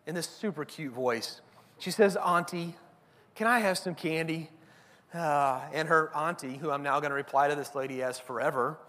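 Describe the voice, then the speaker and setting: A man's voice: a little high, fairly bright tone. Man preaching in a reverberant hall. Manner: conversational preaching, tag questions. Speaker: pastor. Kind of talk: sermon.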